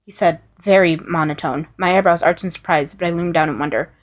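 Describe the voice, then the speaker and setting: A woman with a slightly low voice reading a first-person fan fiction story aloud. Her delivery is earnest and unpolished, with small restarts now and then. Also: fairly quick. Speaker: story reader.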